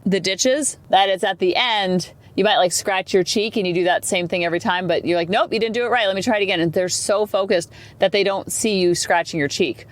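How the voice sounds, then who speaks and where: A woman in her forties hosting a parenting podcast, talking casually in a chatty, rambling way with animated asides. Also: fairly low pitch. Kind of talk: casual solo podcast talk.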